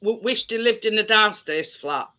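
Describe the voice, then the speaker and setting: Man, high and sharply bright, teasing questions in casual banter. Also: moderate pace. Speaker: live stream panel guest.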